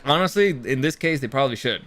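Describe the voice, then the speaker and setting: A man co-hosting a casual sports podcast, excitable and argumentative, swearing freely. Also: mid-range voice, fast. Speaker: podcast co-host.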